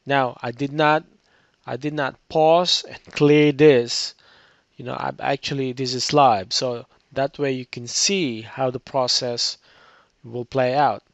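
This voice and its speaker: A tired man with a gravelly, fry-laden voice, casually talking through a screen-recorded computer tutorial. He rambles and restarts his sentences often. The sound is dry and dull, like lo-fi screencast audio. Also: medium pitch, fairly even intonation, slow, no echo. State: tired, voice cracking. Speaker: web tutorial instructor.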